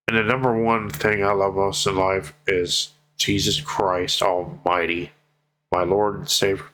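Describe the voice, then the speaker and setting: Deep-voiced man in a tearful vlog. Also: fairly even intonation, bright, forceful tone, rough recording. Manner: heartfelt, swears freely, slow pleading emphasis. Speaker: vlogger. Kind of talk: emotional personal vlog.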